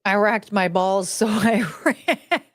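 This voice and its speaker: Brief: woman podcast host, profane rambling rant, unhurried delivery, dry close sound. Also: medium pitch, no room sound. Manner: profane, ranting, swears freely; rambling, loses her train of thought. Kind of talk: casual chat.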